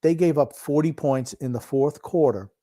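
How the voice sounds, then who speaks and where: An older man co-hosts a casual sports podcast in a grumpy, teasing way. His voice sits a bit high for a man. He talks loosely and jabs at his partner. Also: moderate pace, dark tone. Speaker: podcast co-host. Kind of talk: casual chat, sports talk.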